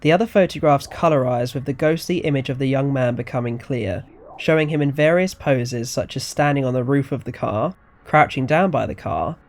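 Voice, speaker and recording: A man narrating a scripted audio story in a steady, measured reading voice. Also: mid-range voice.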